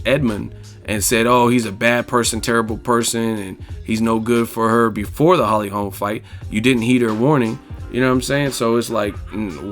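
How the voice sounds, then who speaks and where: A man's voice: fairly low pitch, a bit bright. A man vlogging his blunt, candid opinions in casual, slang-heavy talk, often adding "you know what I'm saying". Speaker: vlogger answering viewer questions.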